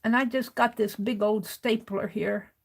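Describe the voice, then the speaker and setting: Brief: woman craft streamer, rambling self-talk, gravelly fry in her voice. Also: mid-range voice, fairly even intonation, a little slow, noisy background. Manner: rambling, talks to herself as she works. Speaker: craft livestream host. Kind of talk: casual chat while crafting.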